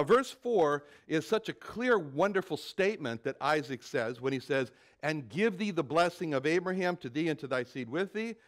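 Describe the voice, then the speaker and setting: A man preaching a Bible sermon with a fairly high voice. He turns animated and dramatic when he quotes scripture. He often repeats words as he gathers his thoughts. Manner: repeats words while thinking. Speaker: pastor.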